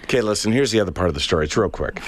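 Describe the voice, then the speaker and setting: A man's voice: fairly low pitch, rapid-fire, background noise. A middle-aged Canadian man in casual chat, telling a long anecdote and acting out the voices of the people in it. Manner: animated anecdote with acted-out voices.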